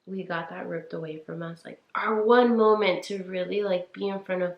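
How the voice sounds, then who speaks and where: A podcast co-host in her twenties offers casual, heartfelt advice in a low, gravelly, steady voice at a moderate pace. Earnest and full of "like," she speaks directly to listeners as "you guys," in a muffled, echoey-room recording.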